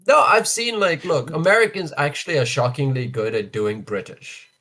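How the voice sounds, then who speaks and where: A South African man co-hosting a casual podcast, talking in an animated, opinionated way and leaning on "like" and "look" as he makes his points. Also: on the high side, moderate pace, rough recording. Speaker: podcast co-host.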